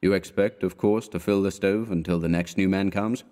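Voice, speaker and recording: A man's voice: deep voice, fairly even intonation, moderate pace, darkish tone, big-room sound, close to an everyday voice. A man voicing a majestic, condescending senior male art student who speaks in a pompous, formal manner.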